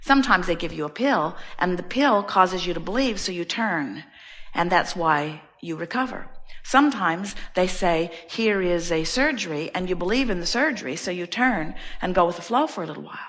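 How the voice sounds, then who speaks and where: A woman delivers a spiritual teaching talk in a bright, clear voice, leaning hard on repeated phrases. She tells her stories with lively emphasis, as an inspirational speaker addressing a crowd. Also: fairly low pitch, normal speed. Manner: animated storyteller acting out everyday scenes.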